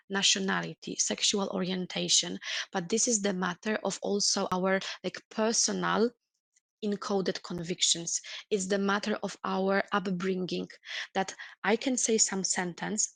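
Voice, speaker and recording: A woman's voice: medium pitch, creaky, fairly bright tone, no room sound. A woman trainer giving a webinar lecture, explaining earnestly and reworking her sentences with "let's say" and "like" as she goes. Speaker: corporate trainer.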